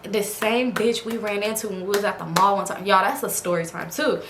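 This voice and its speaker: A woman's voice: mid-range voice, a little fast, reverberant, background noise. A woman vlogger at home, casually telling a story to her viewers and acting out the quoted lines in a raised voice. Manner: animated, acts out quoted dialogue in raised voice. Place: home at night in front of a ring light.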